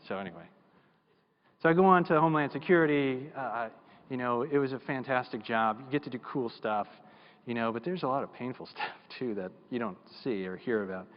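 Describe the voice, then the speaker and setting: A man's voice: mid-range voice, fairly quick. Folksy male keynote speaker in a hall. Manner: folksy, self-deprecating, animated. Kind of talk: storytelling keynote speech. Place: large conference hall. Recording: dull sound, long hall reverb.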